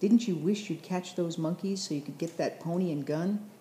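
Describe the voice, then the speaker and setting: A fond old grandfather teases gently, voiced by a woman reading aloud. The voice sits low and mellow. The recording has a roomy echo. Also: normal speed, lightly acted. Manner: gently teasing, chuckling.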